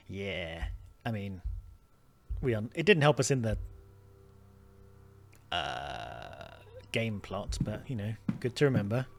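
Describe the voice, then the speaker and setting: A man's voice: fairly low pitch, sing-song, takes it slowly, vocal fry, long pauses, faint music behind. A man hosting a game playthrough, chatting casually and thinking aloud. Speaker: gaming host. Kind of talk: casual let's-play commentary.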